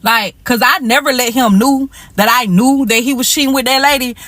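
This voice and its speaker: A woman's voice: high voice, normal speed, fairly bright tone, dry recording. A young woman telling a personal story in a frank, breezy, slangy way. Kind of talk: casual storytime.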